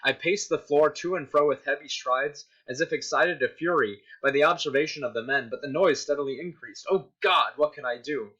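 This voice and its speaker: A man's voice: fairly high pitch, brisk, hardly any pauses, slightly rough. A man reading aloud as a frantic, guilt-ridden murderer confessing, in a dramatic story reading. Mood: tense. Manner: dramatic reading, rising to shouts. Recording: dull lo-fi recording.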